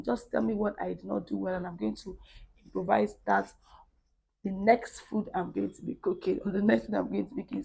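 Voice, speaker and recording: Nigerian woman with a worn, gravelly voice. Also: mid-range voice, dry recording. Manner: chatty and rambling, talks straight to viewers. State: voice worn down after illness. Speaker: cooking vlogger. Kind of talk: casual cooking vlog chat.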